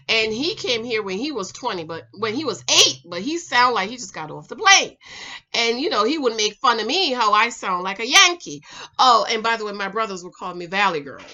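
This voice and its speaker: A woman's voice: fairly high pitch, sharp tone, muffled recording. A woman in her thirties with a Jamaican accent, chatting to viewers as a relationship advice vlogger and calling them ladies and girl. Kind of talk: casual storytelling to viewers.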